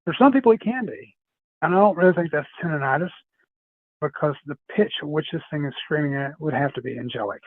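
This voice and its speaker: A man's voice: on the high side, fairly quick, no echo. Rambling man on a tinny line. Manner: rambling, repeats himself, laughs often. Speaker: podcast guest. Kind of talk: casual storytelling chat.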